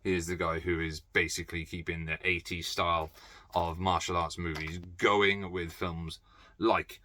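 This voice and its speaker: Blunt, sweary man with a low voice. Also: level tone, moderate pace, pushed and bright. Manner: blunt, sweary, off-the-cuff with many fillers. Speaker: movie collector vlogger. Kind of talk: casual rambling chat.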